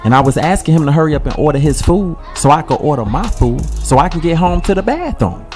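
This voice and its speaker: A man voicing a loud, brash middle-aged mother with a fierce temper, who swears and snaps back hard. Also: a little high, animated, quick pace, soft background music, voice pushed up, lightly acted. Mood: boastful. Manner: profane, shouting, sharp comebacks.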